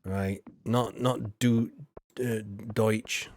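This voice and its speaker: A man's voice: lowish voice, fairly even intonation, very slow, a little mellow. A young adult man hosting a live stream, chatting casually and chuckling as he thinks aloud while picking viewer messages. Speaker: streamer reading out viewer donations.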